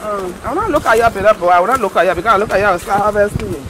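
A woman, vlogging as she walks her farm and talks excitedly to herself and her viewers. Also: mid-range voice, very fast, hardly any pauses. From Liberia. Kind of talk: walking farm vlog. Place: outdoors on a farm by a stream. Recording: noisy outdoor audio with running water.

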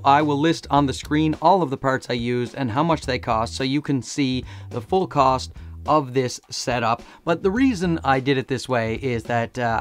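A man with a hoarse voice from laryngitis, chatting in a joking, self-mocking way as he reviews camera gear for his vlog. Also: medium pitch.

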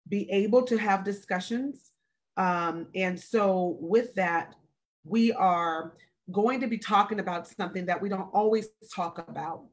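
Slow, earnest woman in her forties. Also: mid-range voice. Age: 40s. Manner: slow, emphatic, repeats phrases. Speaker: wellness speaker hosting a live stream. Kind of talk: earnest, deliberate talk. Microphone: video call or live stream.

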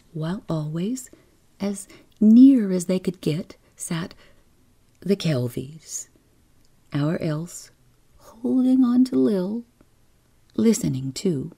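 A woman narrating a bedtime story in a soft, slow, often whispered manner, with a husky, creaky voice. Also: lowish voice.

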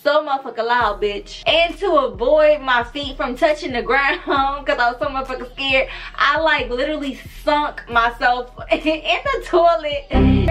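Young woman vlogger, high voice, brash and animated storyteller. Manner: animated, profane, addresses viewers as girl and bitch. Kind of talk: casual storytime.

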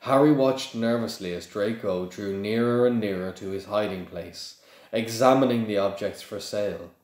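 A man's voice: fairly low pitch, normal speed, a little mellow. A man reading a novel aloud in a plain, unpolished way, with occasional slips and restarts. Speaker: reader. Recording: echoey room.

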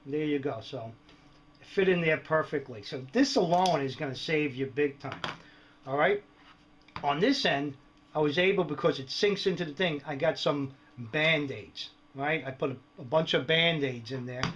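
A slightly high-voiced man talks through his gear in a loose, joking way, tossing in "right?" and "all right" every few words. The sound is dull and lo-fi, like an old home video. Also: fairly bright tone. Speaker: prepper video host. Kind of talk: casual show-and-tell vlog.

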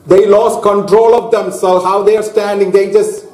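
A man preaching a sermon to a congregation, slow and deliberate, stopping to ask his listeners questions. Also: high-pitched, steady tone, darkish tone. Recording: echoey hall.

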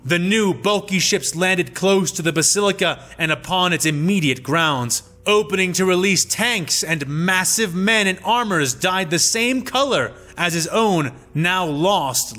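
A man giving a dramatic, expressive narration of fan fiction. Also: fairly high pitch. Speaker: storyteller.

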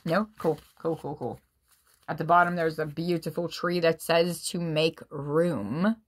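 A woman reading tarot cards for her viewers in a casual, excitable way, swearing freely and often breaking into laughter. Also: low-pitched, measured pace. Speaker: tarot reader.

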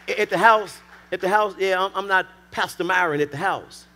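A man in the pulpit with a high-pitched voice, moving from near-shouts to hushed, intimate asides. He preaches to his congregation and acts out small everyday scenes along the way. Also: a little fast, few pauses, a little hiss or hum. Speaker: pastor. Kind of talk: sermon.

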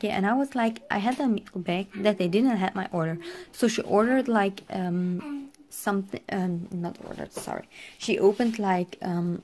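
A woman's voice: medium pitch, a little mellow, slight background noise. A woman vlogging casually, chatty and full of fillers. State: teary and emotional. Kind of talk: casual vlog chat.

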